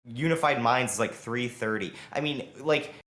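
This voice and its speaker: A man co-hosting a podcast, talking fast and heatedly in a long rambling rant full of fillers. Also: medium pitch, fairly bright tone, echoey room. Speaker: podcast co-host. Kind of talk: casual podcast chat.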